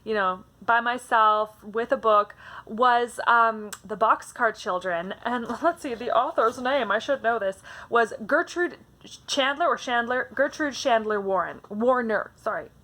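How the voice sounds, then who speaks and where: A woman's voice: a little high, unhurried, bright, forceful tone. A woman chatting about books in a casual vlog, hyper and bubbly, often restarting her sentences. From Canada. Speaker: book vlogger. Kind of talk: casual book tag vlog.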